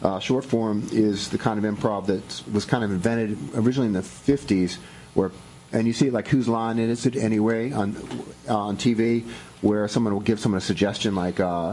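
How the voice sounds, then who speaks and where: A man with a low voice walks a radio host through how his improv classes work, talking at length with many fillers. Faint background noise runs under the recording. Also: a little fast, a little mellow, low-quality recording. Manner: explains at length, lots of fillers. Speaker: improv school director. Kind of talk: explanatory radio interview.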